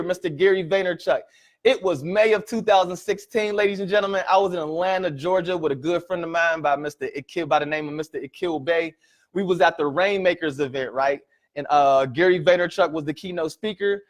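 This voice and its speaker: A man giving a motivational presentation to an audience, telling stories in an animated way and often checking in with "right?" and "ladies and gentlemen.". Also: high-pitched, brisk. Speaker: motivational speaker.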